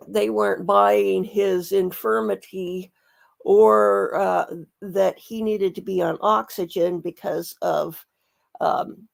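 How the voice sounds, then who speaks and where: A woman's voice: medium pitch, creaky, a little mellow. A middle-aged woman giving casual, rambling true crime commentary, with many fillers and restarts.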